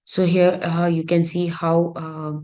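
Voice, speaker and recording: A woman's voice: lowish voice, level tone, unhurried, warm tone. A woman teaching an online grammar lesson, speaking hesitantly with many fillers and restarts.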